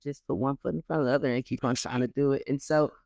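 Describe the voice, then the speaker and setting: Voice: medium pitch, steady tone, fast talker, darkish tone, no room sound, clean studio sound. A podcast host asking encouraging follow-up questions in a casual interview.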